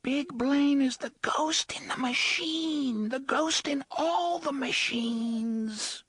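Little Blaine, a tiny whispering machine child. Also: male voice, slow pace, a bit bright, no echo, heavily acted. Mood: eerie. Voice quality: thin whispery high voice. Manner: panicked pleading. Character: small frightened childlike machine voice.

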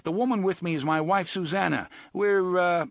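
A man voicing a nervous young man on a quest who speaks urgently and haltingly. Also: high-pitched, creaky, dry recording, clean studio sound, pitched above the performer's own voice.

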